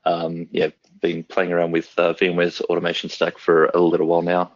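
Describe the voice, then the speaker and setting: A low-voiced man with an Australian accent talks in an easygoing, laid-back way as a guest on a panel. The sound is dry and muffled. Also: completely flat delivery, fairly quick, dry recording. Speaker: systems engineer, guest. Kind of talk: casual panel chat.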